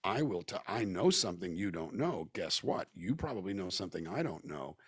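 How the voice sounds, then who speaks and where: A man with a low, slightly rough voice, big pitch swings and a fairly quick pace talks at length over a video call. He's a guest musician and actor from Southern California in a casual interview chat, thoughtful and reflective. Talkative, he acts out the voices he quotes.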